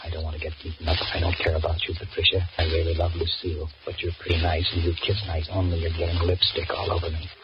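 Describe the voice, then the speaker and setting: A man's voice: low voice, monotone, fast talker, hardly any pauses, over loud music, lightly acted. An actor playing a nervous, cowardly young married man in a 1940s radio drama, talking in anxious inner monologue and stammering. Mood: worried. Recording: dull lo-fi old radio recording with hiss.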